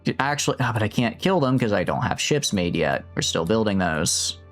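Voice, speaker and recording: Animated man rambling over game play. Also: lowish voice, brisk, faint music behind. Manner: animated, rambling, self-mocking. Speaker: streamer. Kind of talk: casual gameplay commentary.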